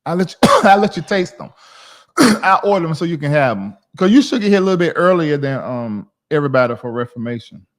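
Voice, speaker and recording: A man in his forties from the South, chatting casually on his livestream in a rambling, animated way. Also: fairly high pitch, quick pace. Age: 40s. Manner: rambling, animated, talks to chat viewers by name. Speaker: livestream host.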